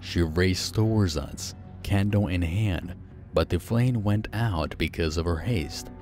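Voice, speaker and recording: A man narrating a first-person horror story, slow, hushed and suspenseful. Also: deep voice, soft background music.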